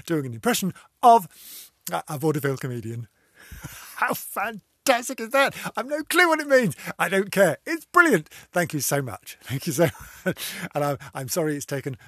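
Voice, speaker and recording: A man chatting alone on his podcast, his somewhat high voice husky and breathy. He swoops up and down in pitch, wandering off on tangents and giggling between thoughts. The sound is close and dry. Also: a bit bright, no echo. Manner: rambling, easily distracted, giggly; theatrical, exclamatory delivery. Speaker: podcast host. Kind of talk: casual solo podcast chat.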